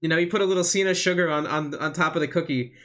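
A man with a high-ish, fairly bright voice talks in rapid-fire bursts. He's a podcast co-host casually recapping wrestling, rambling and hesitating with plenty of filler words.

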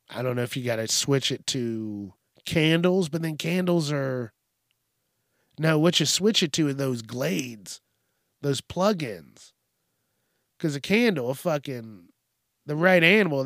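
Profane ranting man, slow delivery. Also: on the high side, expressive, a bit bright, no room sound, clean studio sound. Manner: profane, ranting, mimics people in quick put-on voices. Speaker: podcast host. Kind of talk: casual solo rant.

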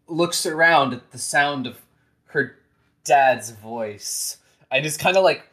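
A game master narrating a tabletop role-playing game. The speech is slow and soft, full of ums and restarts. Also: mid-range voice, poor audio. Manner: soft-spoken, hesitant with many fillers.

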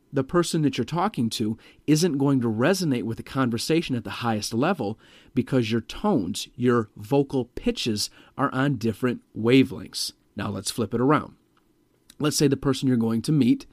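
A man's voice: lively intonation, normal speed, no echo, clean studio sound. Emphatic man coaching sales tonality. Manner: demonstrates pitch and volume by example, emphatic and direct. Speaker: sales trainer. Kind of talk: instructional talk on vocal tonality.

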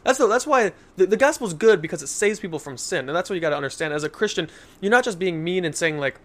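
A man's voice: sits high, expressive, fast, fairly bright tone. Earnest young man preaching casually. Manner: earnest, storytelling with acted quotes. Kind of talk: casual Christian podcast chat.

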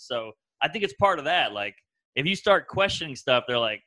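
Man, 30s, podcast guest, animated storyteller, bright tone. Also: mid-range voice, a little fast, low-quality recording. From American South. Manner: animated storytelling, acts out other voices. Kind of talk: casual podcast chat.

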